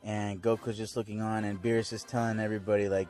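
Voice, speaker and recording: A man's voice: lowish voice, little pitch movement, fast talker, hardly any pauses, darkish tone. A young man casually recapping a cartoon episode, rambling and laid-back, full of fillers. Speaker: fan video reviewer.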